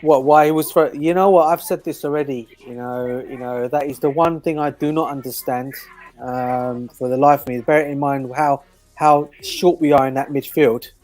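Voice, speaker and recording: A man's voice: mid-range voice, steady tone, normal speed, darkish tone, soft background music. A man in a casual football chat, talking animatedly and often repeating himself. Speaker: co-host.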